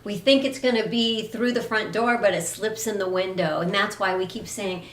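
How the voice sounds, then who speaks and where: A woman fitness instructor introducing a live online class in a warm, chatty way. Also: mid-range voice, moderate pace, echoey room.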